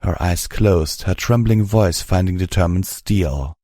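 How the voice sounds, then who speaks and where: Male audiobook narrator, low voice, warm tone, dry close sound. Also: slow pace, few pauses, no echo. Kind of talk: scripted narration.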